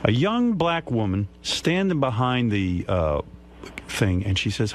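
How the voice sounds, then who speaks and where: A man's voice: fairly low pitch, sing-song, measured pace, a little hiss or hum. An older man, hosting a radio show and lecturing a caller bluntly. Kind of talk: on-air advice to a caller.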